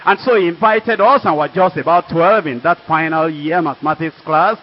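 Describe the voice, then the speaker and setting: A man's voice: a little high, normal speed, slight background noise. An older man with a Nigerian accent, preaching and telling a testimony in an earnest, emphatic storytelling way. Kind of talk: sermon testimony. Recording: dull lo-fi recording.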